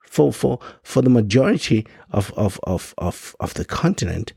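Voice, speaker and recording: A man's voice: mid-range voice, big pitch swings, normal speed, gravelly, mellow, breathy edge, dry recording, clean studio sound. A man from Africa giving an impassioned monologue, firing off rhetorical questions and stumbling over frequent restarts. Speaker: podcast host.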